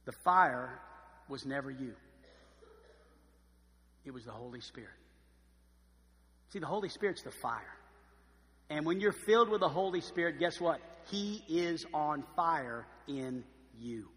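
A male pastor preaching with a high, bright, forceful voice. He drops quiet and slows for stress, then rises loud and emphatic. The sound carries a long hall reverb. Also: expressive. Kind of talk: sermon.

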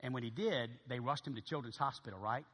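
A man preaching as a pastor, telling a story in an animated way and acting out each voice. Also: medium pitch, fast talker, slightly rough, big-room sound. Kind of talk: sermon storytelling.

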